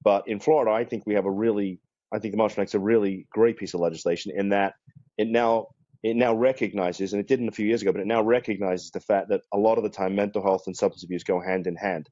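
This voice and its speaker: A man with a low, mellow voice explains legal procedure on a remote panel, measured and careful, often restarting his sentences. The sound is dry and slightly dull, as heard over a video call. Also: fairly even intonation, no room sound. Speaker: guest attorney.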